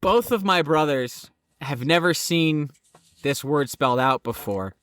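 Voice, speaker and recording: A man's voice: fairly high pitch, a little slow, no echo. A man tells a story in casual chat, cursing freely and swinging his voice up and down with energy. The sound is dry and close, with no room around it. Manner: animated, profane storytelling, laughing often. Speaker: podcast co-host.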